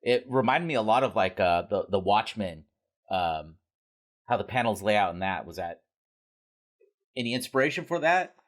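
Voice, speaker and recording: Lower-voiced joking podcast host man. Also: expressive, normal speed, long pauses. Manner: laughs easily, joking. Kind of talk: casual interview chat.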